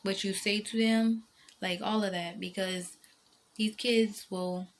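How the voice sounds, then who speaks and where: A woman's voice: mid-range voice, steady tone, takes it slowly, slight background noise. A mother talking to her viewers in a casual vlog, rambling and emotional, circling back on herself with many fillers and restarts. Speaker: vlogger and mother.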